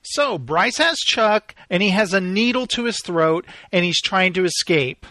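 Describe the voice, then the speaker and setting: A man's voice: high-pitched, expressive, a little slow, loud music behind the voice. A man hosting a podcast, chatting casually and enthusiastically about a TV episode. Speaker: podcast host.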